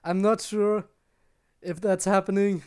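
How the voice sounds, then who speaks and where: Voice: mid-range voice, little pitch movement, measured pace, a little mellow, clean tone. A game streamer chatting casually and self-consciously with viewers late at night, giggling often and sounding tired. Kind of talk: casual live-stream chat while gaming.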